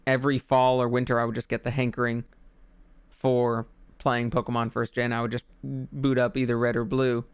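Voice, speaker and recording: A man's voice: mid-range voice, level tone, moderate pace, clean tone, no room sound. A man streaming a video game, chatting casually in a rambling, goofy way, with plenty of fillers. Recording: faint game music behind.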